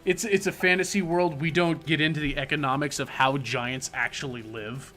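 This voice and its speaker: Male game master, slightly high voice, playful and teasing, faint music behind. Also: fairly even intonation, normal speed, pushed and bright. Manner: playful, teasing rules explanations. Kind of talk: narrating a tabletop game online.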